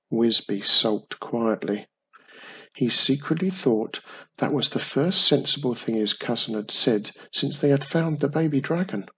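A storyteller reading a children's fantasy tale aloud in a measured way. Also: medium pitch, creaky, fairly bright tone, husky.

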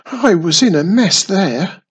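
A man voicing a speedy, excitable young girl witch who squeals shrilly in a storybook reading. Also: high voice, slow pace, husky, voice pushed up, full character voice. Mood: relieved.

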